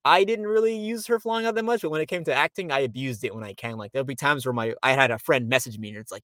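A man's voice: medium pitch, fast talker, hardly any pauses, fairly bright tone, no echo, studio quality. A young man from Florida, a voice actor guest, chatting loosely with lots of fillers in an interview. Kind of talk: casual interview.

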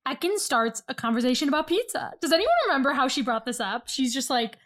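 A woman co-hosting a casual podcast, briskly recapping a reality show and laughing often. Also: high voice, a bit bright. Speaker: podcast co-host.

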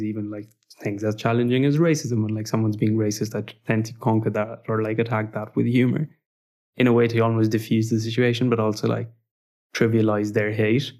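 A man's voice: fairly low pitch, darkish tone. A young man in casual conversation, telling personal stories with humor and frequent "like" fillers.

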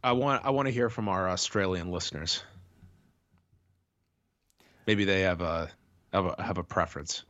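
A man co-hosting a casual chat podcast while sick, talking in a measured, thoughtful way. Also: deep voice, fairly bright tone, no echo, lo-fi sound. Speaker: podcast co-host.

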